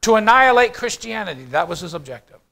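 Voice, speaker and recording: A man preaching to his congregation as pastor, moving between loud declarations and quiet asides and putting questions straight to the listeners. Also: sits high, big pitch swings, fast, gravelly. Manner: addresses the congregation directly with questions. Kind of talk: sermon.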